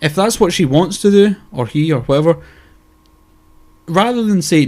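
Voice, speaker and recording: Animated man, slightly high voice. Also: a little fast. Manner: animated, swears often, laughs. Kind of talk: casual chat.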